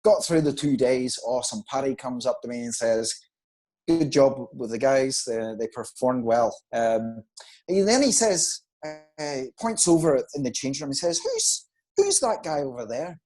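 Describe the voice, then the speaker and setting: A man, a guest on a video call, telling animated anecdotes and acting out quoted lines. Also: mid-range voice, a little slow, poor audio. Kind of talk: casual storytelling.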